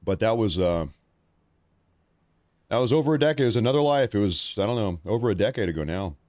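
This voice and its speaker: A man in his thirties with a fairly low voice hosts a casual live stream. He rambles and repeats himself in an easy, conversational way. The sound is dry and close, with no room echo. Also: lively intonation, fast, darkish tone.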